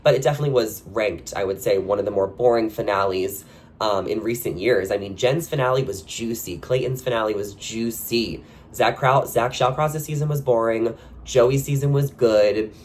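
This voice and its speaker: A man hosting a reality TV commentary channel, talking casually and gossipily with lots of "like" fillers and sudden jumps in pitch on his questions. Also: moderate pace, darkish tone, slight background noise. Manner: chatty and gossipy, with frequent "like" fillers. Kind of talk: casual opinion commentary to camera.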